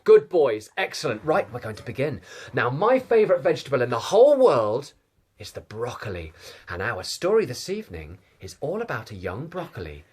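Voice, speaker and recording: A man's voice: medium pitch, wildly swooping pitch, moderate pace, a little mellow, breathy edge. A man playing a prim male egg who hosts children's storytime in a bossy, sing-song nursery-teacher way over a video call. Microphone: webcam or laptop mic on a video call.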